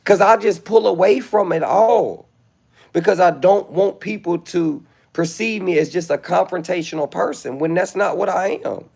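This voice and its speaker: Gravelly man rambling on a livestream. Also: high-pitched, moderate pace, a little mellow. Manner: rambling, self-assured, with flashes of indignation. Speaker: livestream host. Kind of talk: casual livestream monologue.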